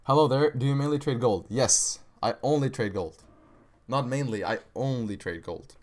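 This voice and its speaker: A man's voice: mid-range voice, normal speed, a little mellow. A young man hosting a live trading stream, chatting casually with viewers in slangy speech, saying "bro" and "right" a lot. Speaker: livestream trading host. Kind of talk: casual livestream chat reading viewer questions.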